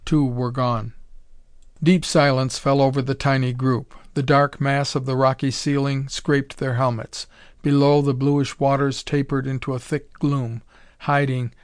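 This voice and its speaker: Steady male audiobook narrator, dry sound. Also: medium pitch, smooth, no echo. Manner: steady storytelling.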